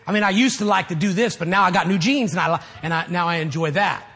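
Husky high-voiced preacher man. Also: quick pace. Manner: animated preaching, rising to shouts. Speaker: pastor. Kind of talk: sermon.

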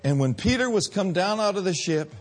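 A man preaching a sermon, swinging between loud drawn-out peaks and quiet low lines. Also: lively intonation, a little hiss or hum.

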